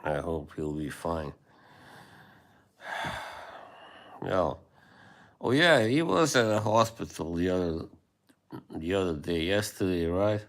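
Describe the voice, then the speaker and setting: A man hosting a livestream, chatting casually with viewers in a rambling, hesitant way with many fillers and soft laughs. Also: low voice, animated, slow, long pauses. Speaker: livestream host.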